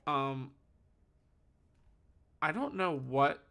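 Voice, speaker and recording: A man's voice: medium pitch, drawn-out words, creaky, a bit bright. A man calling a card game tournament solo, analytical and thinking aloud, correcting himself as he goes. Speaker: tournament caster.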